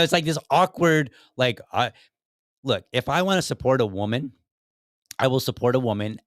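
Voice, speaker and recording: Low-voiced man musing on his podcast. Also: a bit bright, no echo, clean studio sound. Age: young adult to middle-aged father. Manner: rambling, conversational, many fillers and restarts. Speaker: podcast host. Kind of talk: casual commentary.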